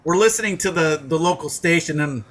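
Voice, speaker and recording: A man co-hosting a podcast, telling a funny story in a casual, profane way and shouting out the lines he quotes. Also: a little high, fairly quick, a little hiss or hum. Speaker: podcast co-host.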